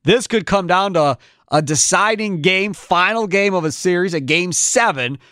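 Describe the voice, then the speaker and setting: A man hosting a sports talk show, giving strong opinions in an animated way with quick restarts. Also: sits high, smooth, no echo, studio quality.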